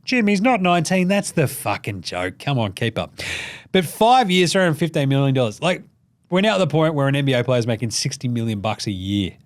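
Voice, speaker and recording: A man's voice: medium pitch, lively intonation, brisk. A man hosting a podcast in casual sports talk, joking, swearing, and slipping into mock voices. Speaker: podcast host.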